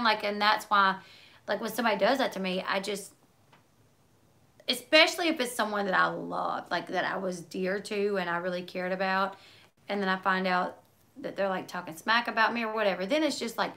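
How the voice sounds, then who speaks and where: A chatty woman in her thirties talks to her viewers in a relaxed, meandering way, answering their comments as they come in. Her voice has a bright, forward edge, and her sentences run on with lots of likes and asides. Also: medium pitch, moderate pace, vocal fry. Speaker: livestream host reading viewer comments. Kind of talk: casual chat.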